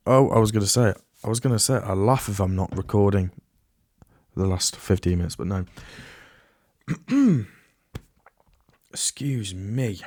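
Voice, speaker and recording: Man, low voice, rambling podcast chat, self-correcting, dry close sound. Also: a little mellow, no room sound. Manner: rambling, with frequent restarts and asides. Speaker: podcast host. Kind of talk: casual solo podcast chat.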